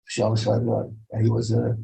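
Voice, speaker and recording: A man's voice: fairly low pitch, completely flat delivery, moderate pace, vocal fry, mellow, husky. A man chiming in with a rambling anecdote in a casual chat, heard from a distance. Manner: rambling anecdote with sound effects. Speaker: listener chiming in.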